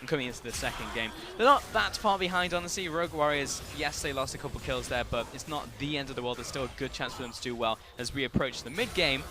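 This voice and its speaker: A man giving play-by-play esports commentary, quick and rising to excited calls on big plays. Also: mid-range voice. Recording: commentary over game music.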